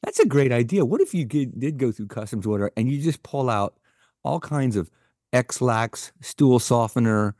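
A man riffing on a casual comedy podcast, giggling often as he builds on the others' jokes. His mid-range voice is animated and lively. He sounds close and dry on the mic. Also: medium pitch, moderate pace, dry recording. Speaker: podcast co-host.

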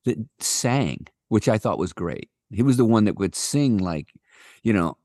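Halting man with a lively voice. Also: lowish voice, dry recording, studio quality. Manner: halting, fills pauses with uh and um. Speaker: podcast co-host. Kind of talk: casual chat.

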